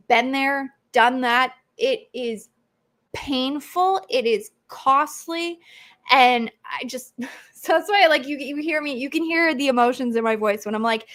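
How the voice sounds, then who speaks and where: A woman hosting a live stream Q&A, talking in an animated, ranting way and acting out quoted reactions. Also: sits high, measured pace. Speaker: host. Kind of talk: live stream Q&A, energetic rant. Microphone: own mic on live stream.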